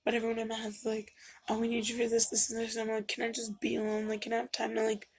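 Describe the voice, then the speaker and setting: Gravelly, husky female vlogger rambling emotionally. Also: on the high side, monotone, racing. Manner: rambling, filler-heavy, emotional. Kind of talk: casual confessional vlog. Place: home room.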